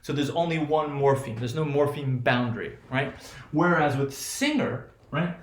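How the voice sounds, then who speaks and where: The recording sounds roomy as a man with a mid-range voice, speaking at a moderate pace, delivers a phonetics lecture to a class. This linguistics lecturer rambles, restarts often, and punctuates his points with "right?".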